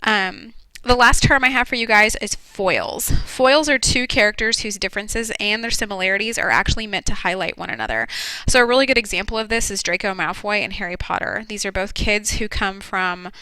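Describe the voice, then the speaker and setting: A woman's voice: mid-range voice, bright, forceful tone, smooth, no room sound, low-quality recording. A woman teacher giving a casual recorded lecture to her students, explaining terms with frequent ums and restarts. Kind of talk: classroom lecture video.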